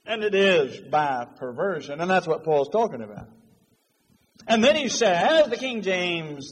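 A male preacher delivers an emphatic sermon, his high, husky voice swinging widely up and down. He quotes scripture in old-fashioned wording, and the long reverb of a large church hall trails each phrase.

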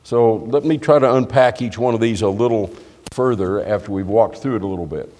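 A man's voice: on the low side, fairly quick, dark tone. Man preaching in a reverberant church. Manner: conversational, explanatory, with frequent restarts. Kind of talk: sermon. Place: church hall. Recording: long reverb of a church hall.

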